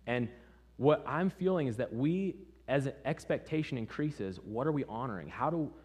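A young adult man preaching, telling a personal story with lively acted-out quotes before moving into teaching. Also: mid-range voice, moderate pace, breathy edge. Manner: animated storyteller acting out quoted voices.

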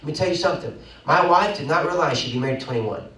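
A young man, the pastor, preaching an animated sermon with sudden loud bursts and quick asides, recorded in a church. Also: a little high. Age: young adult. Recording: roomy echo, mic at a distance.

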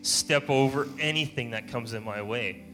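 A church speaker gives an informal, testimony-style sermon, his medium-pitched voice at a moderate pace as he tells stories chattily and laughs often. Soft guitar music plays in the background.

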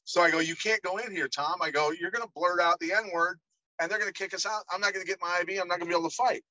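A man's voice: sits high, fast, dry recording, low-quality recording. A middle-aged man, a podcast guest, telling stories in a casual interview and animatedly acting out the voices of the people in them. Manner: animated storyteller, acts out quoted voices. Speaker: podcast guest, former fighter.

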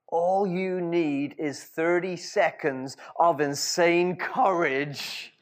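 A man's voice: fairly high pitch, fairly even intonation, very slow. A man voicing a father giving his teenage son plain, encouraging advice.

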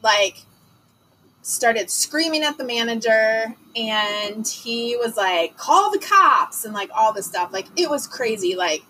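A woman from Detroit telling a story in casual chat, animated and full of fillers, acting out the lines she quotes. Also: on the high side, slow pace, slight background noise, low-quality recording.

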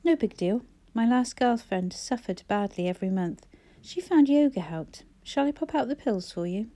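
A woman's voice: a little high, animated, normal speed, mellow, close to an everyday voice. A woman voicing a polite, considerate young man in a storybook. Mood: earnest. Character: kind, helpful young man, earnest.

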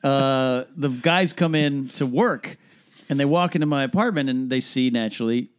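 A man's voice: mid-range voice, normal speed, clean tone. A man co-hosting a podcast, telling stories in a joking, casual way. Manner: joking storyteller. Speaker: podcast co-host. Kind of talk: casual comedic chat.

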